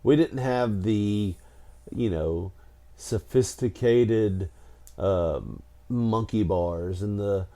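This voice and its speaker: A man's voice: on the low side, very slow, warm tone. Tired, laughing man telling stories. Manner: laughs often, stammering, tired. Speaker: podcast co-host. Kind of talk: casual storytelling chat.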